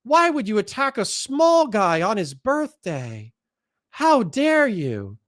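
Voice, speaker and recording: A man putting on a high, babyish, whiny voice to mock his opponents. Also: sing-song, slow pace, a bit bright, full character voice. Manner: squeaky, babyish mockery. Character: mocking whiny cutesy childlike voice.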